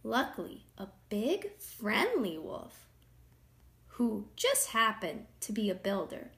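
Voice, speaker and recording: A woman teacher reading a picture book aloud to children, animated, often dropping to soft whispers. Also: mid-range voice, slow pace.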